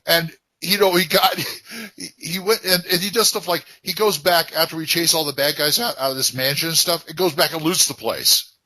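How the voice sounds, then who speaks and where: A man's voice: a little high, normal speed, few pauses, bright, forceful tone, dry recording. A man in a casual chat, rambling through a funny story about his friends with restarts and laughs. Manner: rambling, laughing anecdote-teller.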